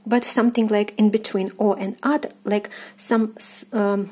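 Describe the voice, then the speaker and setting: A woman's voice: medium pitch, steady tone, slow, mellow, slightly rough. A native Russian woman with a Russian accent, teaching pronunciation patiently, repeating each word several times with frequent hesitant fillers. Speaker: language teacher. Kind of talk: pronunciation lesson.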